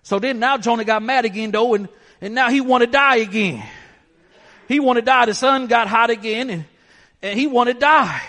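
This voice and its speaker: A man with a very high voice preaches a sermon, driving his points home with rhetorical questions. His voice rings out with a long hall reverb trailing behind each phrase. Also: moderate pace, sharp tone.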